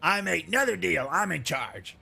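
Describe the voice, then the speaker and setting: A man's voice: high-pitched, expressive, moderate pace, vocal fry, bright, forceful tone, husky, soft background music, voice pushed up, heavily acted. A man voicing a greedy, scheming goblin boss who sneers, demands payment and threatens, in a tabletop game. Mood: demanding.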